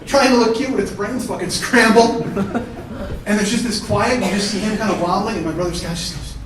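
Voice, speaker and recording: A male comedian telling profane, animated stories on a theater stage, often laughing through his lines. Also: sits high, a little fast, background noise. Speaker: stand-up comedian. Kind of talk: live one-man comedy storytelling. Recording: echoey hall from far off.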